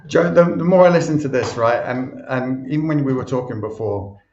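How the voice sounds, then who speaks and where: A man's voice: mid-range voice, animated, fairly quick, darkish tone, lo-fi sound, a little hiss or hum. A male podcast host talking casually, rambling with many restarts, on an echoey video call. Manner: rambling, lots of fillers and restarts. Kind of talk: casual conversation.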